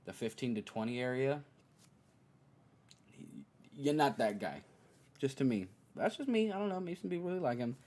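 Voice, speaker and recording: Animated young man ranting casually. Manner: animated, mocks players in high exaggerated voices. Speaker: podcast host. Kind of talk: casual basketball opinion monologue.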